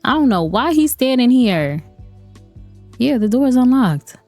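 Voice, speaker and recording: A woman's voice: fairly high pitch, measured pace, no room sound. Young gamer girl chatting away, laughs a lot, light music in the back. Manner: chatty and animated, laughs often, talks to viewers. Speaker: gaming channel host. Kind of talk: casual game commentary.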